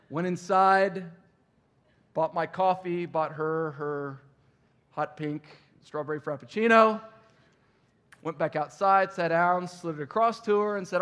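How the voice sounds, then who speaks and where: A man preaching a sermon as pastor, telling a story with animated delivery and acted-out dialogue. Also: sits high, a little slow.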